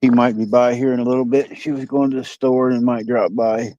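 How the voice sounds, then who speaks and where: A man's voice: mid-range voice, level tone, fairly quick, warm tone, dry recording, muffled recording. A man with a Midwestern American accent chatting casually to his live-stream viewers while fishing outdoors by a dock, rambling and folksy, reading out comments. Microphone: phone.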